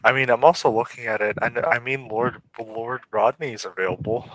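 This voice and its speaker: A man's voice: medium pitch, steady tone, a little fast, fairly bright tone, poor audio. A man in casual chat on a stream, teasing friends with crude jokes. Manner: joking, teasing, crude humor.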